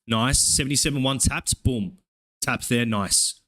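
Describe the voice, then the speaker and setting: A young man from Australia with an Australian accent, streaming live trading commentary in a profane, hyped play-by-play with excited oohs. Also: medium pitch, a little slow. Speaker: live-streaming futures trader.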